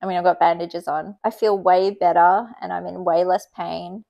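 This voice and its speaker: A woman's voice: on the low side, little pitch movement, moderate pace, vocal fry, dark tone, dull audio. A woman chatting casually to camera in a vlog. Her talk is loose and filler-heavy, peppered with "like," and she laughs easily between stories. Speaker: vlogger.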